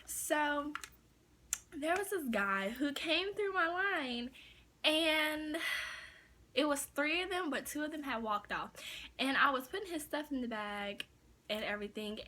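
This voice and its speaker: A woman's voice: a little high, bright, forceful tone, a little hiss or hum. A young woman vlogger telling a story in a casual, chatty way, full of fillers like "like" and "you know.".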